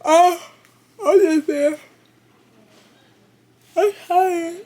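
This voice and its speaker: A young woman vlogging casually to her viewers on a phone camera, excitable and chatty. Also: very high-pitched, drawn-out words, slight background noise. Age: young adult. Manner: excitable, talks to viewers as y'all. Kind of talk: casual vlog chat.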